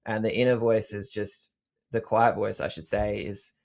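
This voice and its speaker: A man with a somewhat low voice hosts a relaxed podcast chat. He reflects out loud in a calm, unhurried way, often stopping to rephrase mid-thought. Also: gravelly. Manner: thoughtful, self-correcting, calm. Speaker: podcast host.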